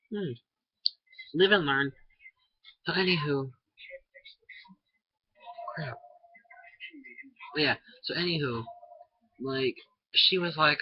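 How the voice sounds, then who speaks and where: Speaking unhurriedly with long pauses, a young teen vlogger delivers an indignant, rambling rant in a slightly rough, medium-pitched voice that shoots up sharply as he gets worked up. There's no room sound, and the audio is dull and lo-fi.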